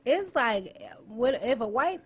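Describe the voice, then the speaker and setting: A woman's voice: on the high side, expressive, slow pace, husky. Blunt profane woman, casual chat.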